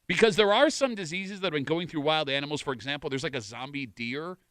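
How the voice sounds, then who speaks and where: Male radio host, animated jokey storytelling, high pitch, bright tone. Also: fast, clean tone, no echo, clean studio sound. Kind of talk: morning radio banter. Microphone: studio microphone.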